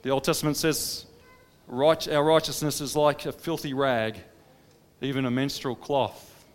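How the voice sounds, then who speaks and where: A man preaching a sermon, dramatic, swinging between impassioned pleading and hushed, quiet stretches. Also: mid-range voice, fairly even intonation, unhurried, clean tone. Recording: long reverb of a large hall.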